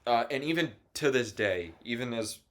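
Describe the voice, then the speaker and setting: A man's voice: mid-range voice, expressive, normal speed. A man in his twenties talking casually on his own podcast, rambling and swearing, and at times choked up. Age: 20s. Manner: rambling, full of restarts and swearing. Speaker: podcast host. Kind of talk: casual solo chat.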